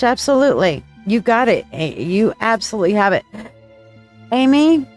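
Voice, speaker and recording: A woman in her forties from the United States, a psychic reader chatting loosely with viewers on a live stream and swearing freely. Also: medium pitch. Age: 40s. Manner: chatty, swearing, reading chat aloud.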